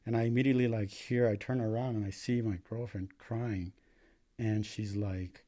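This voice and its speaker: A young adult paramedic guest from the US speaks in a lowish, warm, steady voice at a moderate pace. He tells his story casually, swearing freely and filling it with "like" and frequent "dude."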